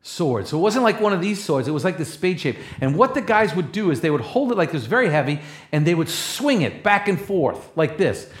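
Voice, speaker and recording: A man preaching a sermon, rising to loud, passionate peaks and then dropping to soft, low asides. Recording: echoey room.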